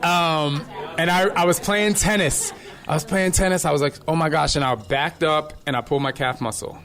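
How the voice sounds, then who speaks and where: A man hosting a live podcast, telling fitness stories to his listeners in a lively, direct way with laughing asides. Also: on the high side, normal speed, a faint crowd. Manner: animated storyteller with laughing asides. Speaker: podcast host and fitness trainer. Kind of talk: live podcast talk to an audience. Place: live event venue.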